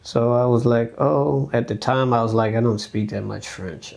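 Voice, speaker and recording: A young adult man from the United States telling a story as a dancer guest on a podcast, casual and animated, acting out quoted speech with lots of fillers. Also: mid-range voice, normal speed, creaky.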